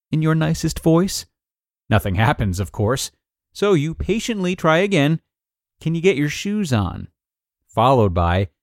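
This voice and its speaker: A man hosting a podcast, reading a blog post aloud in an upbeat, expressive way. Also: medium pitch, no echo, clean studio sound. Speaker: podcast host and narrator.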